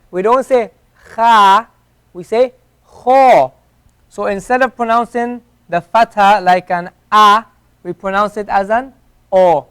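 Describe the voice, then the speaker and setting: A man's voice: high voice, a bit bright, clean tone. A man teaching an Arabic class in a classroom, patiently repeating each sound several times. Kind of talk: classroom lesson. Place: mosque classroom.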